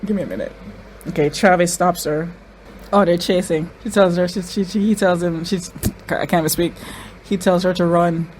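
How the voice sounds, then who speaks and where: Excitable woman reacting, faint hiss. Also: lowish voice, moderate pace, low-quality recording. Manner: exclaiming, repeats phrases, says y'all. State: crying. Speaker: reaction video host.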